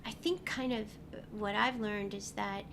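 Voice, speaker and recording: A woman's voice: medium pitch, steady tone, a little slow, background noise. A woman voice actress chatting as an interview guest, telling stories with lots of ums. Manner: chatty, warm storytelling with many fillers. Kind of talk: casual interview chat. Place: convention venue.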